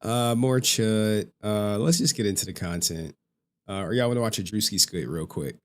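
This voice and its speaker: A man with a voice on the low side hosts a livestream at a moderate pace. He rambles casually to his viewers, talks to chat, and laughs often.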